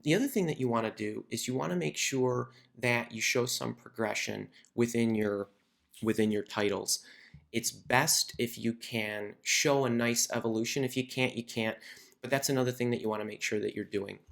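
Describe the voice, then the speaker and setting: A man's voice: medium pitch, moderate pace, gravelly, fairly bright tone. A man who hosts a career advice video, teaching in a conversational way and often repeating words as he thinks. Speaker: career coach and video host. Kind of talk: instructional talk to camera.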